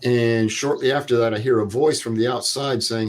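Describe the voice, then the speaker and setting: A man's voice: mid-range voice, steady tone, moderate pace, hardly any pauses. An older man, a veteran guest, telling a vivid step-by-step war story and acting out the dialogue. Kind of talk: interview storytelling.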